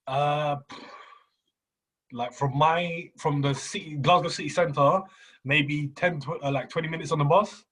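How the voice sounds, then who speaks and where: A young man co-hosting a casual podcast chat, slangy and quick to laugh, often repeating his words. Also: fairly high pitch, steady tone, a bit bright, slightly rough. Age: young adult. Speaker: podcast co-host.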